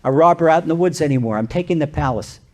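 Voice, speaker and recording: A man's voice: fairly high pitch, fast talker, darkish tone, lightly acted. A man voicing a kindly king in a parable, reassuring a young man. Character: kindly king, warm and commanding.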